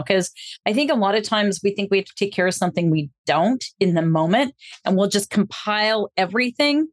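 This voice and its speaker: A woman's voice: mid-range voice, fairly quick. A woman guest, a coach who also hosts podcasts, explaining her ideas in a reflective, flowing way. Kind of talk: casual interview chat.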